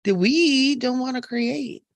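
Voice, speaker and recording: Woman, psychic medium, live-stream chatter, gravelly, earnest, emphatic, dry webcam sound. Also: sits high, slow pace, dry recording.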